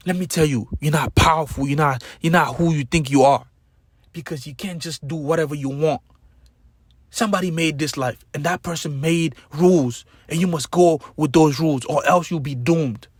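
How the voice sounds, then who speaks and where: A man with a husky, fairly high voice gives an impassioned motivational speech. He preaches hard, swinging between low, intense stretches and loud, emphatic peaks, and hammers home repeated key words. The room sounds dry and close. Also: normal speed, dry recording. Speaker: motivational speaker.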